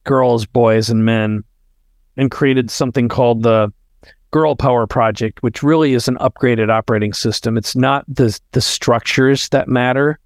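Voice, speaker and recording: A man's voice: mid-range voice, fairly even intonation, moderate pace. A middle-aged man speaks as a podcast guest, telling a heartfelt story in an earnest, conversational way. He acts out bits of dialogue as he goes. His voice sounds close and dry, with no room echo. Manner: earnest, heartfelt, tells stories with quoted dialogue.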